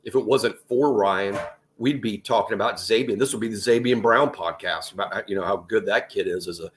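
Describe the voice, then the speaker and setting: A man's voice: fairly low pitch, brisk. A man co-hosting a sports podcast, steadily recapping the key plays of a game. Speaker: podcast co-host. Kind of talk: casual sports podcast analysis.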